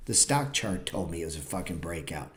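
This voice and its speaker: A man with a slightly low voice teaches trading on a live stream. He speaks bluntly and swears often, lecturing viewers with a sarcastic edge. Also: very animated, fairly quick. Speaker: trading educator and show host.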